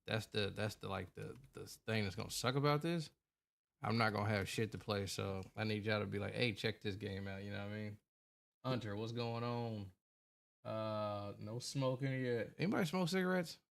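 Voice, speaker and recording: Laid-back low-voiced man chatting to stream chat. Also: fairly even intonation, moderate pace, creaky, fairly bright tone. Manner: laid-back, greets chat by name, colloquial. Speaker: gaming streamer. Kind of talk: casual late-night livestream chat.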